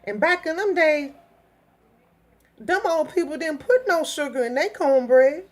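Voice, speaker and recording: A middle-aged woman from Minnesota telling a story in a blunt, profane, animated vlog rant. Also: sits high, a little slow. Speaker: vlogger.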